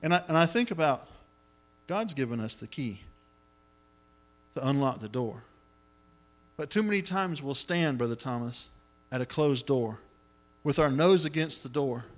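Middle-aged preacher, lively delivery, acts out the voices in his sermon. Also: mid-range voice, measured pace, pauses often. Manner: animated storytelling, acts out voices, exclamations of hallelujah.

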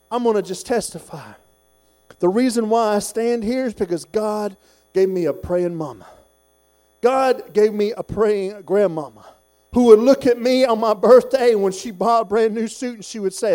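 Preacher man, rising to shouts. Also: normal speed. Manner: builds from low conversational talk to shouted, sung-out exhortation. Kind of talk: sermon.

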